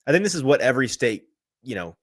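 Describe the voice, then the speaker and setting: A man's voice: medium pitch, big pitch swings, fast talker, no room sound, clean studio sound. A man hosting a casual sports podcast, rambling through a tangent with chuckling, self-deprecating asides. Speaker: podcast host.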